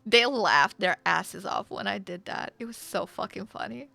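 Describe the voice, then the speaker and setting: A woman's voice: mid-range voice, normal speed, vocal fry, faint music behind. A woman streaming a roleplay game, chatting casually and swearing freely while she plays. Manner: chatty, excitable, swears freely, laughs often.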